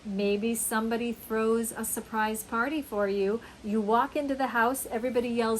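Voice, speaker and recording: A woman teaching an English lesson, speaking slowly and acting out example phrases with big, dramatic exclamations. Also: a little high, fairly even intonation, a little hiss or hum, low-quality recording. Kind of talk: slow, emphatic English lesson.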